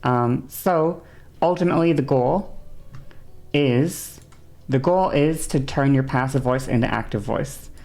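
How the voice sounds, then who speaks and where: A woman's voice: rumbling low, measured pace, warm tone. A woman streamer with a sore throat, chatting casually and explaining at length, rambling with many fillers and restarts. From English-speaking.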